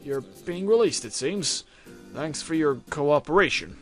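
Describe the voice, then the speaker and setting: A man voicing a brusque, irritable young male police detective, reading game dialogue aloud with loud exasperation. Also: on the high side, expressive, unhurried, soft background music. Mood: weary. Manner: loud, exasperated, shouting interrogation.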